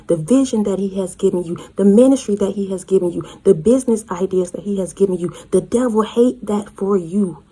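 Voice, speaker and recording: A woman's voice: medium pitch, mellow, slightly rough. A woman preaching a fervent prophetic sermon, acting out voices from scripture. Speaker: online preacher.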